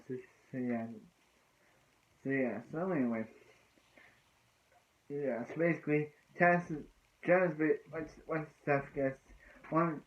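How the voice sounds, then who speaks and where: A man casually recapping a TV episode in a rambling way, restarting often and filling gaps with "so yeah" and "so anyway.". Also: mid-range voice. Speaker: TV episode reviewer. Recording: tinny phone-like lo-fi sound.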